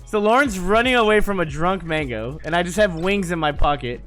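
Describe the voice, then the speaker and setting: A young man telling casual stories, animated and profane, often laughing as he talks. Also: high voice, a little fast, faint music behind. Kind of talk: casual storytelling.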